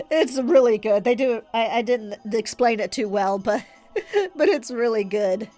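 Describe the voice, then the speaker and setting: A woman's voice: fairly high pitch, animated, measured pace, mellow, faint music behind. A woman streaming a game, chatting casually with a stuffy nose, giggling and rambling through stories. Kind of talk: casual live-stream chat.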